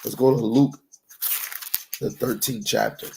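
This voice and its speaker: A man's voice: mid-range voice, fairly even intonation, unhurried, gravelly, darkish tone, slight background noise. A man giving a conversational Bible teaching sermon. He is emphatic, mixes in street slang, keeps asking "right?", and reads scripture aloud in old-fashioned wording. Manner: emphatic, street-slang preaching with constant "right?" check-ins. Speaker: preacher.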